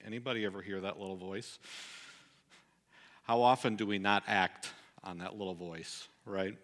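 A middle-aged man delivering a sermon, telling a personal story earnestly and dropping soft and low at the sad moments. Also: measured pace. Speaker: pastor.

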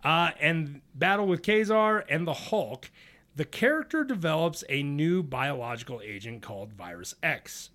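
A man's voice: fairly high pitch, moderate pace. A man co-hosting a casual comic-book podcast, retelling stories with jokes, laughs and mocking asides. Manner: animated, jokey, laughs often, mocks characters in put-on voices. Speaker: podcast co-host. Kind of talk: casual chat recapping comics.

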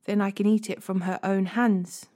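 A woman's voice: mid-range voice, little pitch movement, moderate pace, dark tone, natural voice. Woman reading as a demanding young prince.

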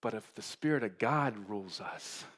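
A middle-aged man preaching a sermon as pastor, conversational and animated, building up to bursts of emphasis. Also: lowish voice, moderate pace.

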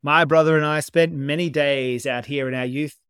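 A flamboyant, sentimental gentleman of grand and florid speech, put on by a man reading a story. The voice sits well above the narrator's own and rings louder, every phrase theatrical. It is recorded dry and close. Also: fairly high pitch, fairly even intonation, moderate pace, clean tone, no room sound, natural voice. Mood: fond, theatrical.

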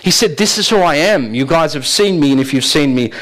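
A man's voice: a little high, expressive, a little fast, fairly bright tone, rough recording. A man preaching a sermon in a conversational way, asking the congregation rhetorical questions and often laughing. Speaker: pastor.

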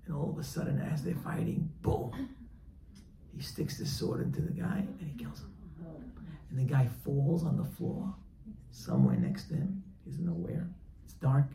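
A religious teacher, a man, telling a story in a sermon, animated and acting out the characters. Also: fairly high pitch, moderate pace, gravelly. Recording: echoey room, faint background noise.

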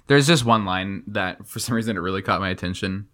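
A man's voice: low voice, fairly quick, bright, forceful tone. A young man co-hosting a podcast, casually retelling a book's scenes and laughing easily as he goes. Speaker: podcast co-host. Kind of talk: casual book discussion.

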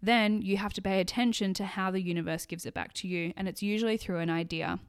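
A woman talks fast and swears constantly in a casual solo podcast monologue. Her voice is medium-pitched, clear and resonant. She's blunt, animated, and acts out the voices of people she quotes.

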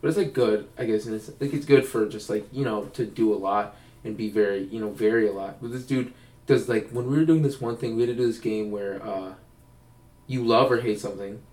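A man's voice: lowish voice, a little fast, darkish tone. A young man telling rambling stories in casual chat, co-hosting a podcast. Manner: rambling, acts out quoted voices. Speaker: podcast co-host. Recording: roomy, distant mic.

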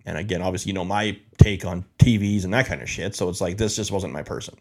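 Guy rambling thru his story, kinda low voice, lots of ums and restarts. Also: fast, darkish tone. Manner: rambling, repeats himself, frequent fillers. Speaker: guest. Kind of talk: casual storytelling interview.

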